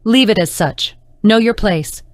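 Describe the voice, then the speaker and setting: A woman's voice: mid-range voice, unhurried, dry recording, pitched above the performer's own voice, natural voice. A woman reading the part of a stern, domineering woman interrogator in an audiobook, in a cold, mocking manner.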